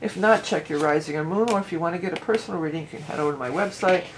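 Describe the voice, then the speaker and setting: A woman reading tarot cards to camera in a casual, rambling way. She often restarts her sentences and reads card verses aloud slowly. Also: lowish voice, a little hiss or hum, low-quality recording. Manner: chatty and rambling, with frequent restarts and "you know".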